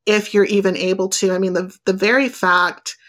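A woman hosting an interview, speaking in a measured, thoughtful and affirming way. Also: medium pitch, fairly even intonation, a bit bright. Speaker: host. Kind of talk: interview conversation.

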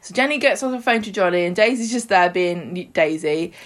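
On a podcast she co-hosts, a woman with a fairly low voice speaks a little fast, casually recapping a soap. She retells scenes chattily and quotes the characters' lines.

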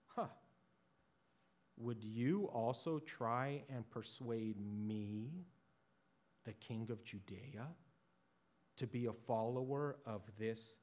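A man voicing a proud, dismissive ancient king in a sermon, scoffing and boasting loudly. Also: mid-range voice. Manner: proud and scoffing, rising and loud.

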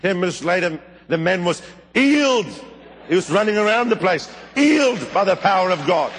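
A middle-aged man preaching a sermon, telling stories with fervor and sudden high, loud bursts. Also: fast, slight background noise. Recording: long hall reverb.

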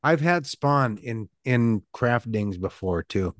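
A man's voice: medium pitch, lively intonation, takes it slowly, no room sound, clean studio sound. A man co-hosting a casual podcast, talking in an easygoing way and making unsure guesses in a game his co-host runs. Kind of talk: casual chat.

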